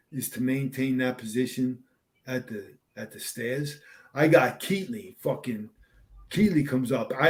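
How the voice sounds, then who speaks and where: A man in his sixties, a veteran fire captain, telling war stories as a podcast guest in a lively, profane way. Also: medium pitch. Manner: animated, profane storyteller. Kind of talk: casual storytelling in an interview.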